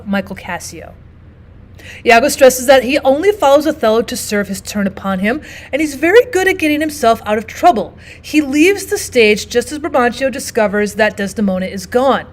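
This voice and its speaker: Woman teacher, fairly high voice, steady explanatory lesson narration. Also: normal speed. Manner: explanatory, steady, often starts with "now" and "so". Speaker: literature teacher.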